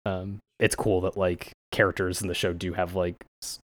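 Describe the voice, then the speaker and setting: A man co-hosting a casual anime podcast, rambling with frequent laughs and acting out lines in a higher voice. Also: little pitch movement, normal speed. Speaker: podcast co-host.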